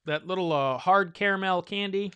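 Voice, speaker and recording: A man's voice: sits high, moderate pace, a bit bright, smooth, no echo, highs cut off. A man hosting a bourbon tasting, chatting loosely and thinking aloud with many fillers, a little winded from all the talking. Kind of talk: casual live tasting chat.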